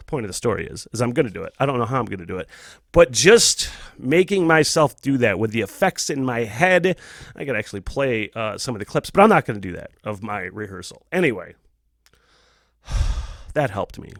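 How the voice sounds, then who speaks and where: A man's voice: mid-range voice, no echo, clean studio sound. A man hosting his own podcast, talking candidly and casually, swearing a lot and laughing often. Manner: profane, rambling, laughs often. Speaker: podcast host.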